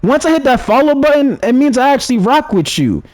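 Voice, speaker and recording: A man's voice: extremely high pitch, big pitch swings, brisk, darkish tone, dry recording. A man ranting in casual commentary to his viewers, heated and slangy, restarting his sentences often. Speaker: gaming commentary streamer.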